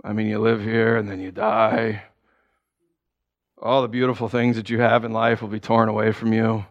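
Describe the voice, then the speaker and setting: A man's voice: steady tone, a bit bright, smooth, dull audio. A man doing a mopey doom-saying guy. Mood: gloomy. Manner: droning, mopey, low and slow. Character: gloomy despairing man moaning that life is pointless.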